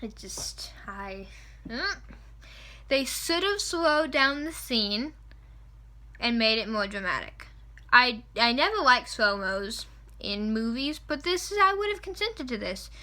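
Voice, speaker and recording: A young woman rambling excitedly and with strong opinions in a casual vlog, close to a camera mic indoors. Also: a little high, a little slow. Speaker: vlogger reviewing a film. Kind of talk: casual chat. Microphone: camera mic at close range.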